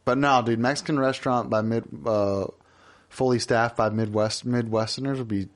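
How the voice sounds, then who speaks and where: Man, podcast co-host, mid-pitch, casual chat, joking, rambling restarts. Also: fairly even intonation, moderate pace.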